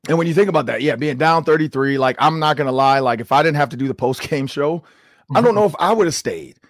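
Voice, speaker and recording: A man in his forties hosting a sports podcast, telling stories in a casual, animated way with lots of "like". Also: a little high, fast talker, dry recording, clean studio sound. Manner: animated storytelling with many "like"s. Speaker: show host and former coach.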